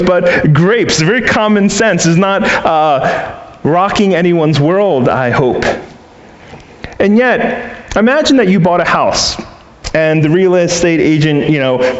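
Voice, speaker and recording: A man's voice: high voice, echoey room, lo-fi sound. A man preaching a sermon, earnestly asking his listeners questions and acting out little quoted exchanges. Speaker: pastor.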